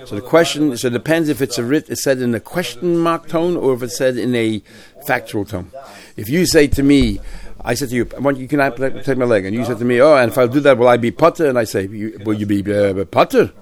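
A man teaching a Talmud class, explaining the text in a lively sing-song and acting out both sides of each case. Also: medium pitch, brisk.

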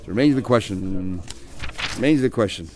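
A man's voice: on the low side, animated, normal speed, a crowd in the background. A man teaching a text study class, explaining step by step and acting out the speakers he quotes.

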